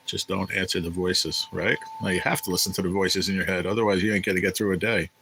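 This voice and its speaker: A man's voice: low-pitched, normal speed, vocal fry, pushed and bright, slight background noise, poor audio. A man hosting a casual livestream, rambling and swearing as he answers viewers in the chat. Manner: rambling, profane, chatty with viewers. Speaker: livestream host reading chat.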